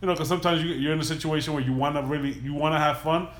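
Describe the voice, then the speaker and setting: Podcast host, male, loose profane storyteller with a slightly raised pitch, recorded in an echoey room. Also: very fast. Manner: loose, profane, animated retelling. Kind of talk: casual storytelling.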